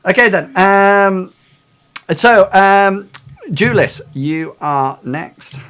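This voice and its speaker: A man's voice: high-pitched, lively intonation, very slow, a bit bright, clear, resonant tone. A man running a tabletop game for friends as game master, hesitant and full of ums, joking around. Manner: hesitant, lots of ums, jokey.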